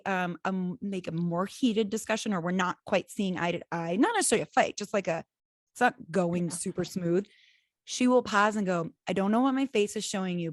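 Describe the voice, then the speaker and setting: Animated woman podcast host, dry sound. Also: medium pitch, no room sound. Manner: animated, laughs often, acts out quoted voices. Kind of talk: casual chat.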